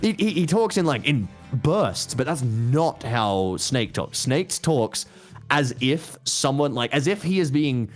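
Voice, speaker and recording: A man's voice: mid-range voice, sing-song, a little slow, soft background music. A man chatting casually as an interview guest, rambling with restarts, asides and swearing. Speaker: interview guest, YouTuber and voice actor. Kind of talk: casual chat.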